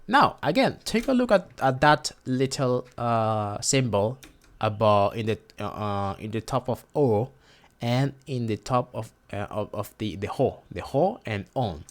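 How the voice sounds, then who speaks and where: A man's voice: medium pitch, expressive, measured pace. A man whose first language is Spanish teaches a casual lesson, hesitating and repeating words to model pronunciation.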